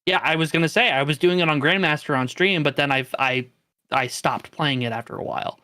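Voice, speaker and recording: A man's voice: fairly high pitch, fairly quick, pushed and bright, dry recording, clean studio sound. A man co-hosting a gaming podcast, chatting casually and enthusiastically with lots of fillers. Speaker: podcast co-host. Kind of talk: casual chat.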